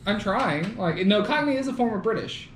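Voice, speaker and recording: A male podcast host with a high-sitting, expressive voice chats casually at normal speed, laughing frequently and swearing occasionally. Crowd noise can be heard, and the room is echoey with faint noise.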